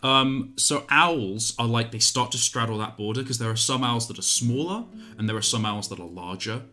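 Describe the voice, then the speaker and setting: A game master explaining a fantasy setting to a player, halting and full of fillers. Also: mid-range voice, bright, forceful tone. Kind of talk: describing a tabletop setting.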